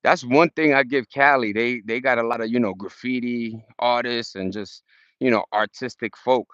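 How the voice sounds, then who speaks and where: A man's voice: mid-range voice, fairly even intonation, normal speed, fairly bright tone, no room sound, muffled recording. Upbeat New York man vlogging uphill. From Brooklyn, New York. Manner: upbeat, profane street slang, greets viewers; talking while walking uphill outdoors. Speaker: livestreaming vlogger. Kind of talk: casual live-stream chat. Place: outdoors in a park on a hill. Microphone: phone held at arm's length.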